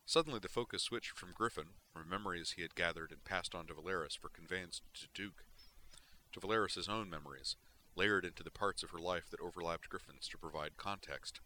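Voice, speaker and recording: A man narrating a story in a steady, expressive reading style. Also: deep voice, brisk, slight background noise. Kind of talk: audiobook reading of fan fiction.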